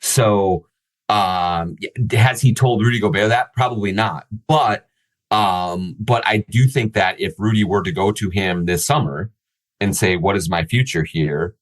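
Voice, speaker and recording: A man's voice: fairly low pitch, a little slow, poor audio. A man hosting a sports podcast, talking things through casually with many fillers and restarts. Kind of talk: casual analytical chat.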